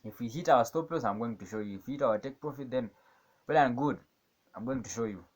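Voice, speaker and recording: A man in casual live commentary on his own trade, rambling and questioning himself, moving between calm chart talk and excited outbursts. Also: mid-range voice, quick pace. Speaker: day trader narrating his screen.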